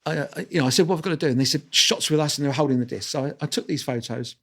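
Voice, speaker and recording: An older man in his sixties, a guest swapping stories on an interview show. He rattles along at a rapid clip, acting out the other people's lines and laughing at himself as he goes. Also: fairly high pitch. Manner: lively anecdotal storyteller, acts out dialogue; self-deprecating, laughs while talking. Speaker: guest photographer. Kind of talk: storytelling interview.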